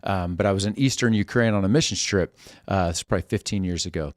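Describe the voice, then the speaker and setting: A man's voice: low voice, quick pace, dry recording, studio quality. A man hosting a casual chat, talking in a conversational, affirming way. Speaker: host.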